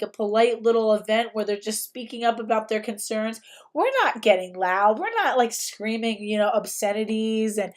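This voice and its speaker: A young woman hosting a livestream, talking casually and emphatically and often repeating herself. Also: on the high side. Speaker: livestream host.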